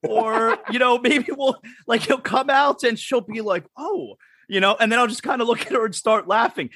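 A man hosting a radio talk show, telling stories in an animated way and acting out what people said. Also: extremely high pitch, moderate pace, husky, no room sound. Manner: animated storytelling, acts out quotes. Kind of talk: casual talk show banter.

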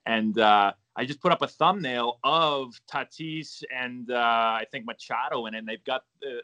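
A middle-aged man from Massachusetts with a softened Boston accent, chatting casually as a podcast guest, easygoing and rambling with lots of fillers. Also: mid-range voice, normal speed. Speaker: podcast guest, former ballplayer and coach. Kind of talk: casual interview chat.

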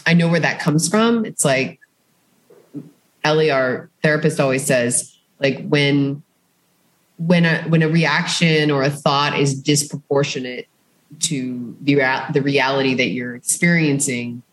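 Podcast co-host, mid-pitched voice, talks in rambling, restarting stretches. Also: a little slow, poor audio. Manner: chatty, rambling with many restarts. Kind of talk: casual chat.

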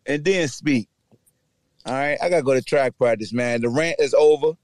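A man hosting a sports podcast, delivering a loud, taunting trash-talk rant with shouting bursts. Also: medium pitch, normal speed, dry recording. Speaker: podcast host.

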